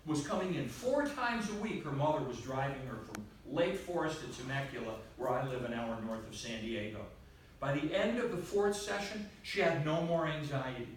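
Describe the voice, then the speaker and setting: A man giving a storytelling presentation to a live audience, animated and acting out the voices of the people he quotes. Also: mid-range voice. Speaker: presenter at an evening session. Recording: very echoey room, far from mic, faint hiss.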